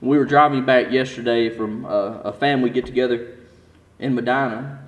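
A man preaching a sermon as pastor, building to intense emphasis and then dropping low and slow. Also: fairly even intonation, echoey room, in a large hall.

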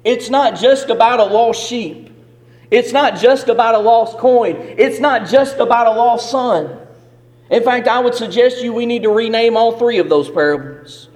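A man's voice: extremely high pitch, moderate pace, a little mellow. A man preaching a sermon as pastor, with an emphatic, repetitive cadence in a church sanctuary. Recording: long reverb of a hall.

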